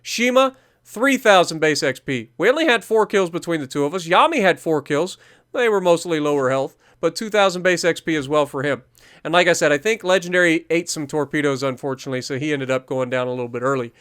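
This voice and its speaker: A man's voice: on the high side, a little fast, a bit bright, clear, resonant tone. Man coaching through a naval game match. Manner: explanatory, coaching, repeats key points. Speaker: gaming channel host. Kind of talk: gameplay commentary over recorded match.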